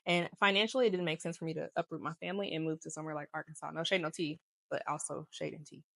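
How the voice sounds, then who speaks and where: A woman's voice: sits low, steady tone, rapid-fire, creaky, fairly bright tone, no room sound. A woman co-hosting a podcast, chatting casually about her work and life, laughing often and going off on tangents. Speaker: podcast co-host. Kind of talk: casual chat.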